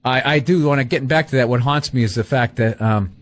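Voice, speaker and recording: A middle-aged comedian telling animated stories in casual conversation and acting out quotes. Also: male voice, mid-range voice, quick pace. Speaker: comedian and podcast host.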